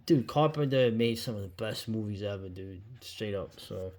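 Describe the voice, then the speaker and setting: A man's voice: lowish voice, normal speed, a little mellow. A man reviewing a book in a casual vlog, rambling with many fillers, asides and "right?" tags, and now and then swearing or saying "dude".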